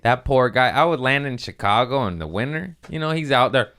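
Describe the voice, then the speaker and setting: Brief: young male comic, casual podcast monologue, very lively pitch swings, jokey. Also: fairly quick. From Mexican-American family. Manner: animated, jokey, swings into loud character voices. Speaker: comedian podcast host.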